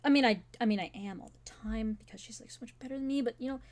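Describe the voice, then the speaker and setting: A woman's voice: on the high side, fast talker, a little mellow, close to an everyday voice. A woman voicing a shy, insecure young man who stammers and gushes as he fawns over someone. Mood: flustered. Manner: stammering, gushing.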